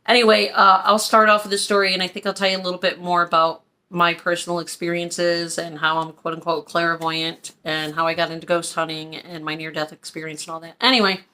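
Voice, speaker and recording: A woman from Pennsylvania telling a personal story in a casual, animated vlog style. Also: on the low side, brisk, hardly any pauses. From Pennsylvania, USA. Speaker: vlogger.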